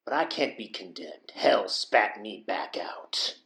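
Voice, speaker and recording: A man's voice: fairly low pitch, animated, slow, gravelly, a bit bright, reverberant, full character voice. A man voicing a scarred, boastful female wrestler who taunts her rivals in a tabletop game. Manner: cocky, taunting.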